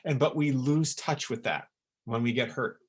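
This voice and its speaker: Speaking at a moderate pace in a mid-range voice with a breathy edge, this essence maker presents a webinar on emotional healing. The middle-aged man sounds earnest and forceful, doubling up words to stress them.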